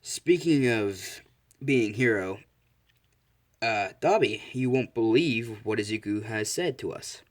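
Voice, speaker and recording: Man as a gruff, dry middle-aged father, low. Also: takes it slowly.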